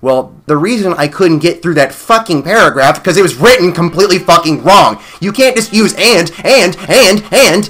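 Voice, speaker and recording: A man's voice: high-pitched, animated, moderate pace, hardly any pauses, fairly bright tone, faint music behind. Sarcastic ranting male vlogger. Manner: crude, sarcastic, swears constantly. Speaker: vlog host. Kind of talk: profane rant commentary.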